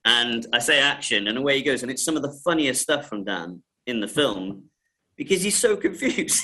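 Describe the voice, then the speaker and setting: A man, a film director, telling lively stories in a casual interview, often laughing and repeating words. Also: medium pitch, moderate pace, poor audio.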